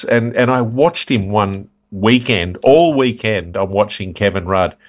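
A man, a guest impressionist, telling animated stories in an interview with frequent restarts and laughs. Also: lowish voice, measured pace. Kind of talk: interview chat.

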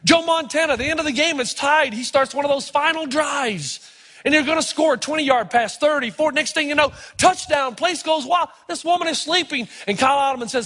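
A middle-aged man preaching a sermon, telling stories with animated, sometimes shouted emphasis. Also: very high voice, brisk. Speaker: pastor. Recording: long reverb of a large hall.

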